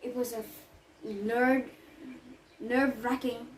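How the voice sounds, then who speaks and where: A woman's voice: on the high side, little pitch movement, slow. A woman playing a flustered nurse in an amateur school play, stammering and correcting herself. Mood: fussy. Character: fussy, flustered nanny, middle-aged woman. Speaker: Juliet's nurse in a class play. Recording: echoey room, far from the mic.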